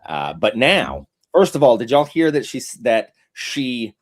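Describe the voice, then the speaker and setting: A man's voice: mid-range voice, very animated, a little slow. A man hosting a mock courtroom chat, teasing and playfully theatrical. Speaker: host.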